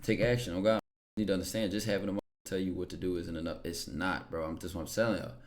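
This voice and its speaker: A man hosts a casual live stream, speaking in a somewhat low voice. He talks in a relaxed, rambling way and keeps checking in with his listeners. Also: very fast. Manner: laid-back, rambling, keeps checking in with "right?". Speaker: livestream host. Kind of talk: casual chat to a live audience.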